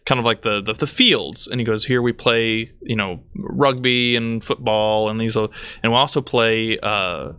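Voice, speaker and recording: A man's voice: on the low side, steady tone, normal speed, bright, forceful tone, smooth, no room sound. A man from Michigan with a Midwestern accent and a little Texas twang, telling stories animatedly on a live stream and laughing often. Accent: Midwestern American with some Texas twang. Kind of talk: casual storytelling chat.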